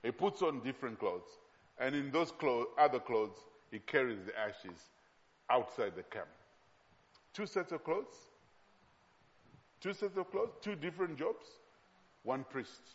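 A man preaching a sermon from Zambia, emphatic and slowing down to repeat key phrases. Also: medium pitch, sing-song. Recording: long hall reverb, dull sound.

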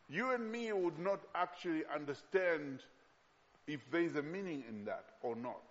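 Emphatic preacher in a reverberant hall. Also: male voice, a little high, expressive. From Zambia. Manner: emphatic, repeats key phrases slowly. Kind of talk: sermon. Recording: long hall reverb, dull sound.

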